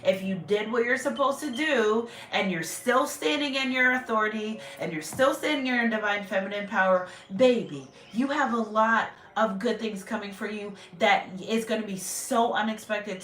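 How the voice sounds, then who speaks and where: A woman's voice: mid-range voice, normal speed, hardly any pauses, a bit bright, a little hiss or hum. A woman who reads tarot, talking in a casual, rambling and heartfelt way about spiritual messages, with many fillers and restarts. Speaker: tarot reader. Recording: roomy echo, distant mic, faint music.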